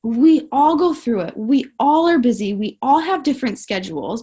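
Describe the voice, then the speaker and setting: A woman's voice: on the high side, animated, moderate pace, few pauses, darkish tone, slightly rough. A woman coaching her network marketing team over a live stream, upbeat and emphatic, often saying "like" and "guys".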